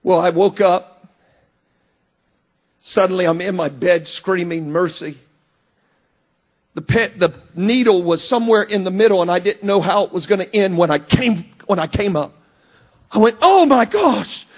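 Middle-aged guy preaching, super high voice, gets real loud and shouty then drops quiet. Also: normal speed. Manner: impassioned, often shouting, dramatic swings in volume. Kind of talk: sermon.

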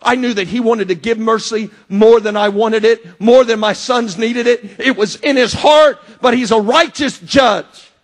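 A middle-aged male preacher whose voice sits very high for a man. He preaches with fervor, breaking into shouts and then dropping low and quiet. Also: unhurried. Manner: impassioned, often shouting, dramatic swings in volume. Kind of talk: sermon.

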